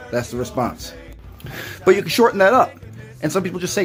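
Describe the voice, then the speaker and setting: A man's voice: fairly high pitch, expressive, fast talker, faint music behind. A man with a Newfoundland accent explaining local greetings in an upbeat, chatty way. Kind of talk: casual explainer video.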